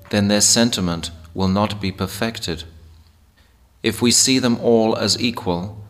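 A man narrating a devotional book aloud in a slow, measured, deliberate reading style. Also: lowish voice, fairly bright tone. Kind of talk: scripted audiobook narration.

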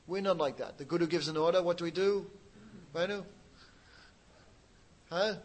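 A man's voice: on the high side, normal speed, long pauses, low-quality recording. Man telling a scripture story in a sermon. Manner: lively storytelling with asides to the audience. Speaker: preacher.

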